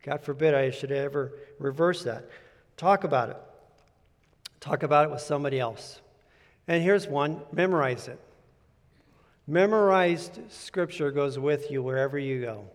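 A man's voice: fairly high pitch, moderate pace, pauses often. A male pastor preaching a sermon in an earnest, conversational way, repeating key points for emphasis. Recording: long reverb of a large hall.

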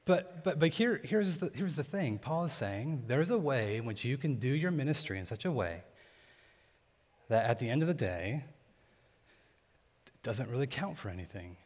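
A man's voice: medium pitch, very animated, moderate pace, long pauses, a little mellow. Young male pastor, conversational sermon in a reverberant hall. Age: young adult. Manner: casual, conversational teaching.

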